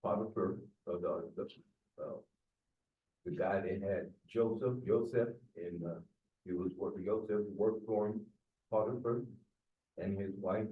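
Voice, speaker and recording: Slow, distant man in a roomy class. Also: lowish voice, steady tone, phone-quality sound. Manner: hesitant, searching for words. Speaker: student.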